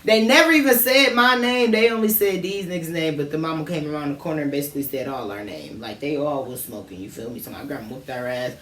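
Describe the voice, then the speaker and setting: Fast and barely pausing, this woman has a low, slightly bright voice and sits far from the mic. Co-hosting a late-night podcast while smoking, she recounts childhood stories casually, heavy on slang and laughter. Expect an echoey room and faint background noise.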